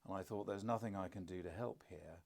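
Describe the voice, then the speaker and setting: A man's voice: sits low, a little fast, gravelly, a little mellow. An older man, a podcast co-host and father, telling stories in casual conversation with dry, self-deprecating humour.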